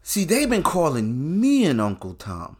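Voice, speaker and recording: Profane man ranting in bursts. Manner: profane, animated, swings between loud bursts and low drawn-out asides. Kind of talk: political rant monologue.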